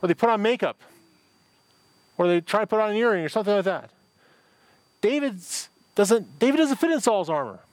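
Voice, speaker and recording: A middle-aged man gives a sermon in a rather high voice. He reads scripture and then breaks into loose, chatty asides. The sound is dry and close, with no room echo. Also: lively intonation, brisk, pauses often. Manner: conversational preaching with asides and repetitions. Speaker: pastor. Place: church service with a parking-lot and online audience.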